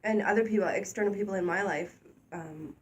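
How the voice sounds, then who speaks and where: A woman co-hosting a casual talk show, candid and animated, speaking openly and getting louder when she is excited. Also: mid-range voice, a little fast. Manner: candid, animated, self-deprecating, gets loud when excited. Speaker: co-host. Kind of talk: casual conversational podcast chat.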